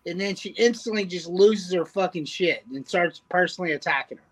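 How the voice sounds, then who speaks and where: A man's voice: high-pitched, fairly quick, poor audio. A man co-hosting a podcast in casual chat, blunt and swearing, laughing along. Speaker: podcast co-host.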